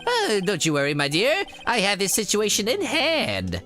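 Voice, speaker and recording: A man's voice: sits high, huge pitch swings, measured pace, pushed and bright, faint music behind, pitched above the performer's own voice, exaggerated voice. A man voicing a nervous male prosecutor who stammers and gets flustered. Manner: stuttering and flustered.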